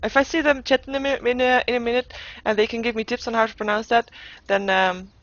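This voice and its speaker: A woman's voice: on the high side, fairly even intonation, quick pace, a bit bright, no room sound. A woman giving live game commentary as caster, thinking aloud with playful asides and frequent restarts. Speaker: esports caster. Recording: dull lo-fi recording.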